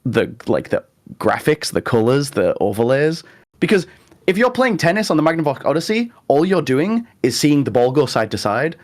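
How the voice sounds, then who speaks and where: A young man co-hosting a casual podcast, talking eagerly and halting over his words with many restarts. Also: fairly high pitch, very animated, dry recording, studio quality. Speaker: podcast co-host. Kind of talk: casual chat.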